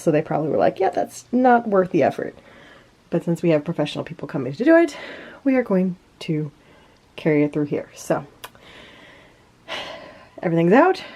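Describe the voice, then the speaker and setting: Chatty woman in her thirties, low voice. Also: a little mellow. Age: 30s. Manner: chatty, upbeat, thinking aloud. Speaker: vlogger. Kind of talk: casual vlog talk to camera. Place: at home.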